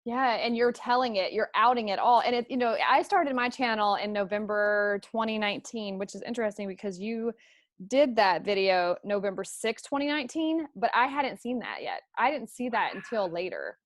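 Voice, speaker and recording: A woman's voice: medium pitch, lively intonation, moderate pace, no echo, studio quality. Woman host telling a personal story. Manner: open, emotional storytelling. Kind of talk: conversational interview.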